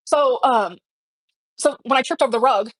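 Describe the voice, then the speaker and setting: A woman's voice: sits high, moderate pace, no room sound. A woman livestreaming, telling a personal story in a rambling, emotional way with many fillers. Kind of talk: casual livestream chat.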